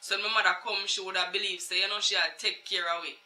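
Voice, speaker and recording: A vlogger with a Jamaican accent tells a personal story in an earnest, emotional patois. The voice is very bright, with a sharp edge. It sits in a roomy space with a clear echo. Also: mid-range voice, flat delivery, fast talker. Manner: emotional, earnest, talks straight to viewers in patois.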